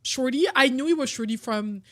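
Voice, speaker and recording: A woman's voice: sits high, a little fast, fairly bright tone, dry recording, clean studio sound. A young woman streaming a video game, chatting casually and rambling with frequent laughs. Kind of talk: casual gameplay commentary.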